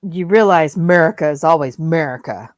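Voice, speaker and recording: A woman's voice: low-pitched, a little fast, a crowd in the background. Dry, teasing woman co-host. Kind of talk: casual chat.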